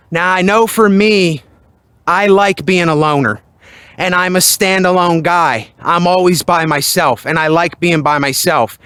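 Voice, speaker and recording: A man with a high-pitched voice delivers a loud, emphatic motivational monologue. He is outside at night near his building, speaking close into a handheld microphone. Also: dry recording. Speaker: vlogger.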